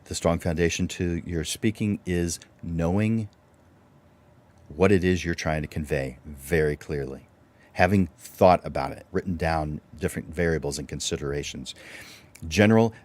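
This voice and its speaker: A man's voice: deep voice, normal speed, a little mellow. A man presenting a livestreamed speaking workshop, instructive and full of rhetorical questions.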